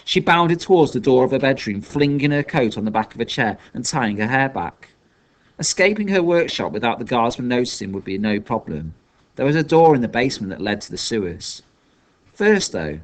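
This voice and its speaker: A man reading a children's novel aloud as scripted narration, telling the story expressively. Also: medium pitch. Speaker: audiobook reader.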